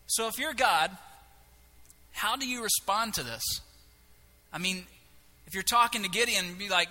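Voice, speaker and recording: A man preaching a sermon, animated and humorous, acting out biblical characters in quick asides. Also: high-pitched. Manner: animated, acts out voices of biblical figures with humor. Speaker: pastor.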